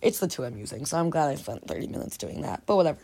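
A young woman hosting a solo podcast in a casual, rambling chat, giggling often and trailing off into quiet mumbles. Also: low voice, animated, racing, creaky. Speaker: podcast host.

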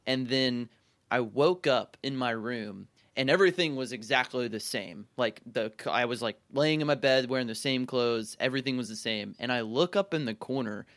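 A man's voice: medium pitch, normal speed, fairly bright tone, no echo. Young man, casual easygoing chat, laughs a lot, dry close recording. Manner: easygoing, laughs often, says "dude" and "like".

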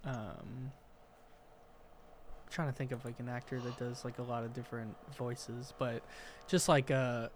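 A man's voice: medium pitch, little pitch movement, unhurried, long pauses, a little hiss or hum. A man co-hosting a casual podcast, laughing often and filling speech with "like". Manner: laughs often, heavy use of "like". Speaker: podcast co-host. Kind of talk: casual chat.

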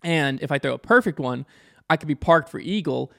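Young man with a slightly high voice, telling a story. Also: gravelly. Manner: animated, quick, acts out quotes. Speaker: podcast guest or host, disc golfer. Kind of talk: casual storytelling.

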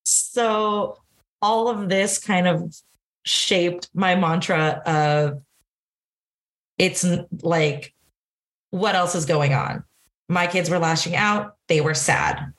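A woman's voice: lowish voice, slow pace, pauses often. A young woman in her twenties from Southern California, a band director telling stories in a casual interview, laughing often. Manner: laughs often, animated storytelling with acted quotes.

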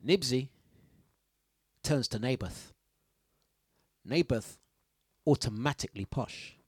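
A man's voice: medium pitch, lively intonation, slow pace, a little mellow, slightly rough, no room sound, clean studio sound. A man hosting a radio breakfast show, chatting playfully with listeners, laughing often and sing-songing his announcements. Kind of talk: casual radio chat. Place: radio studio. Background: faint music.

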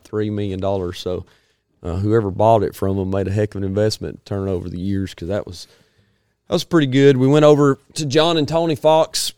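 A man, hosting a casual chat in a rambling, folksy way and clearing his throat often. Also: lowish voice, darkish tone, dry recording, clean studio sound.

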